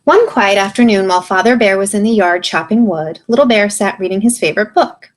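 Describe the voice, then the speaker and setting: A woman's voice: mid-range voice, brisk, few pauses. A woman kindergarten teacher reading a picture book aloud to children and explaining as she goes. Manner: animated, expressive, explains to kids.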